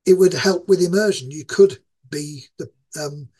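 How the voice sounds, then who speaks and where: Husky older man, East Yorkshire accent. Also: on the high side, moderate pace, dark tone. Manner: rambling, self-described ranting with many fillers. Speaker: guest game designer. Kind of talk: casual interview talk.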